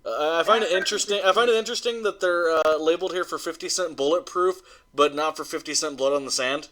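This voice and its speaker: A man's voice: a little high, fast talker, a bit bright. Upbeat joking male podcast host. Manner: upbeat, jokey, steers the segment. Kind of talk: casual chat.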